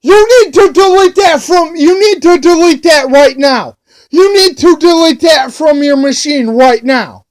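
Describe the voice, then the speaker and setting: A man's voice: extremely high pitch, measured pace. A man voicing an angry, bullying middle-aged police officer who barks threats. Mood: yelling. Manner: barking, bullying.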